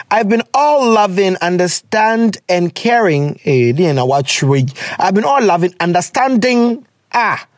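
Young guy on an advice podcast, high voice, all over the place, dry close mic. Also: no echo. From Ghana. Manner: animated and joking, laughs often, drifts into Twi. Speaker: podcast host reading listener letters. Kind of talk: casual advice chat.

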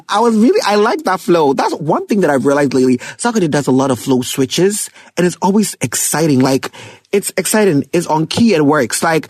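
A young man giving casual, excitable commentary on songs, laughing often and rapping lyrics aloud. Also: fairly high pitch, a little fast, breathy edge, no echo. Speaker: music reviewer. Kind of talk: casual music reaction commentary.

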